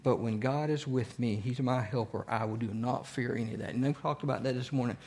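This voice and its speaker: A man's voice: medium pitch, fairly even intonation, brisk, gravelly, a little mellow. A man teaching a church Bible study, asking the group questions and repeating key phrases.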